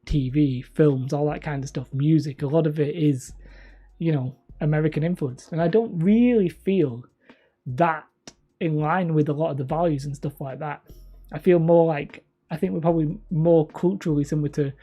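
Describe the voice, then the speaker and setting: Husky, mellow-voiced man in his thirties. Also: on the high side, moderate pace. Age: 30s. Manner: rambling, self-mocking, chuckling. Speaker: hobby terrain channel host. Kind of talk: casual live-stream chat with viewers.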